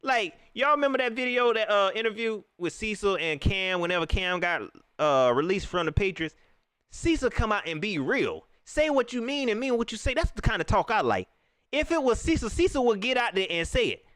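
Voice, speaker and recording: A man hosting a live reaction stream, ranting in an animated way and talking straight to his viewers. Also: sits high, fairly quick, dry recording, clean studio sound.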